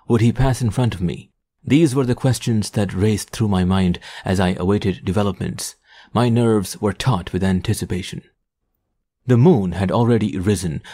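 A man narrating an adventure audiobook in a measured, descriptive storytelling manner. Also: lowish voice, warm tone, slightly rough. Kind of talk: scripted narration.

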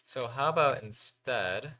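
A young gaming YouTuber does Minecraft let's play commentary, talking to himself and his viewers and yelping whenever something scares him. His medium-pitched voice is expressive and unhurried, and he's jumpy throughout. The audio is very noisy.

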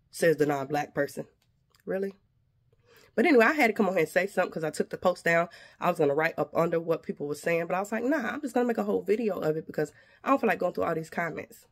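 A woman vlogger, indignantly venting to her viewers. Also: on the low side. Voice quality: slight lisp from retainers. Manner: indignant, addresses viewers directly. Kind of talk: venting to camera.

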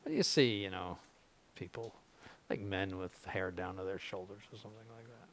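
A man's voice: deep voice, steady tone, moderate pace, fairly bright tone. An older man, a bishop, giving an informal spiritual conference in a blunt, conversational way with frequent asides.

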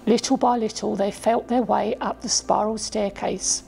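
A woman reading her own children's story aloud as a storyteller, gently voicing the children's lines. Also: mid-range voice, fairly even intonation, normal speed, creaky. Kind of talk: storybook narration.

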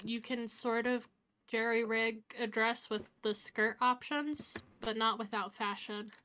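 A woman chatting with a friend while they play a game together. Her voice sits a bit high, and she talks in a loose, joking way, peppered with likes. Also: measured pace, noisy background. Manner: relaxed, joking, filler likes. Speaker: co-streamer. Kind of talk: casual gaming chat.

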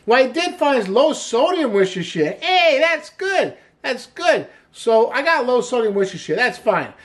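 Upbeat chatty chef, lively pitch. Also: male voice, moderate pace. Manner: chatty, upbeat, frequent "hey" and "woo". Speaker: cooking show host, chef. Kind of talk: casual cooking demonstration.

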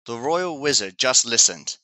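A man, an English teacher, slowly reading a children's storybook aloud for learners. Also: mid-range voice, lively intonation, pushed and bright, dry recording. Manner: slow, clear storytelling.

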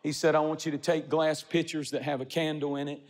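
A man's voice: a little high, level tone, fairly quick, darkish tone, in a large hall. A man preaching a sermon as pastor, building emphatic, repetitive rhythms.

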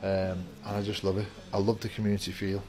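Deep and monotone, the man's voice moves at a quick clip while he chats to camera in his vape shop, welcoming viewers in an upbeat, rambling way. The shop door is open and faint music plays inside.

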